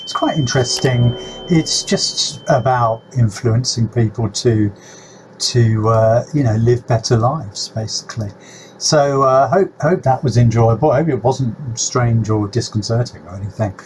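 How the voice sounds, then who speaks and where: A man hosting a reaction video, drawling slowly and stopping often on fillers. His rambling patter sometimes turns into a mock hypnotist's routine. A faint hum sits behind him. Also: medium pitch. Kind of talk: casual talk to camera.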